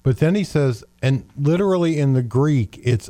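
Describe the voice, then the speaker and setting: A man with a mellow, dark voice explaining scripture in a lively storytelling way, acting out the quotes as he goes. His voice sounds close and dry. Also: on the high side, normal speed, no room sound. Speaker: co-host. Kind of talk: Bible teaching conversation.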